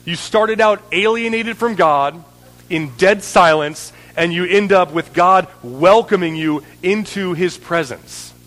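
A man's voice: high-pitched, unhurried, a bit bright. Earnest male preacher in a reverberant hall. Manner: earnest, building in intensity, frequent "right?" checks. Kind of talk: sermon.

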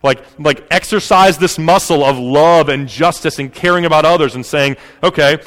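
A man preaching a sermon as pastor, in a casual, animated way with many fillers. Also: a little high, normal speed, long reverb tail.

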